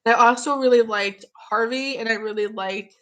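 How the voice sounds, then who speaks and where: A woman's voice: on the high side, fairly even intonation, normal speed, fairly bright tone. Gushing young woman chatting on a stream. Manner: gushing, chatty, reads out chat comments. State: getting over an illness, coughing. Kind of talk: casual live-stream chat.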